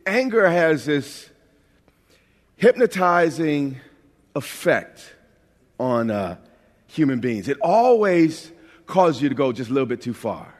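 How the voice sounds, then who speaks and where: A pastor from New York preaching a lively, humorous sermon, often repeating words as he builds a point. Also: on the high side, slow, pauses often. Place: large church sanctuary. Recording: long hall reverb.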